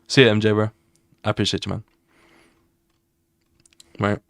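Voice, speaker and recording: Young male streamer, low and dry, who tells a story animatedly with slang and sound effects. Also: monotone, normal speed, gravelly, a bit bright, dry recording. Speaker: artist streamer. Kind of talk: casual storytelling while drawing.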